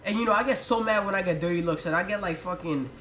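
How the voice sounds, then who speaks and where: A man's voice: sits high, fast talker, bright, forceful tone, slight background noise. A young man telling a storytime vlog in a profane, exasperated rant. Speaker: vlogger. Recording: roomy echo.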